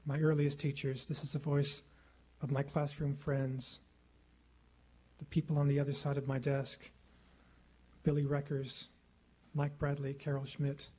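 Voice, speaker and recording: Measured, husky-voiced man giving a lecture. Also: fairly high pitch, warm tone. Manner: measured, rhetorical, repeating phrases for effect. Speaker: guest lecturer. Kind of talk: formal public lecture. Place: lecture hall. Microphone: podium microphone.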